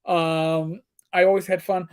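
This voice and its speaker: Smooth and high, with a level tone and a slightly slow delivery, a middle-aged co-host tells crude jokes and stories in casual chat, sometimes switching to put-on voices.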